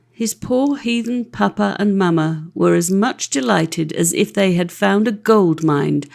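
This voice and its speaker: A woman narrating a classic fairy-tale audiobook with an expressive, lively reading. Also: mid-range voice, creaky. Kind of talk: storybook narration.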